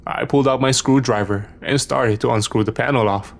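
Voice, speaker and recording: A man's voice: mid-range voice, fairly even intonation, a little fast, vocal fry. A man narrating a horror story in a tense, dramatic scripted reading. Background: background music.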